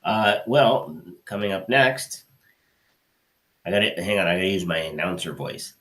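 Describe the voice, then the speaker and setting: A man hosting a live podcast over a video call, relaxed, with many fillers as he announces the next segment. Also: sits low, moderate pace. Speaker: podcast host.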